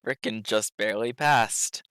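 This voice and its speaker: Bright-voiced laughing dungeon master. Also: mid-range voice, unhurried, smooth, no room sound, clean studio sound. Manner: laughs often between narration. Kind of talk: game narration.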